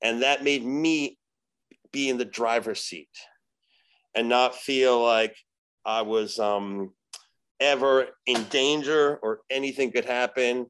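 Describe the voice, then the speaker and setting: A man's voice: medium pitch, slow pace, clean tone, rough recording. Profane, rambling male podcast guest. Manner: profane, animated storyteller acting out voices; rambling with many fillers. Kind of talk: casual storytelling.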